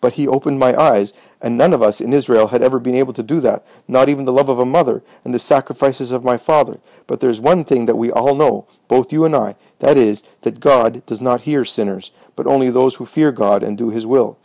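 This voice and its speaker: A man's voice: medium pitch, fairly quick, few pauses, darkish tone, no room sound, natural voice. A man voicing a bold young man healed of blindness, earnest and defiant.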